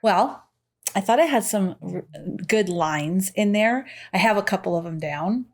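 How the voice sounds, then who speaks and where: A woman co-hosting a relaxed podcast about a film. She talks loosely and laughs easily, and she slips into animated voices when she quotes scenes. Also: mid-range voice, a little slow. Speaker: podcast co-host. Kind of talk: casual movie review chat.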